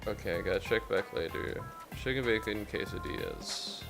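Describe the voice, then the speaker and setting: A young man streaming a game in casual chat, ranting and swearing with loud exasperated outbursts. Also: on the low side, normal speed, vocal fry, music in the background.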